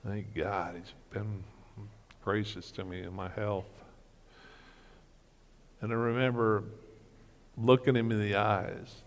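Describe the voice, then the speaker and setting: A middle-aged man giving an earnest personal testimony as a guest speaker, telling his story slowly. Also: fairly low pitch, creaky, long reverb tail. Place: church hall breakfast gathering.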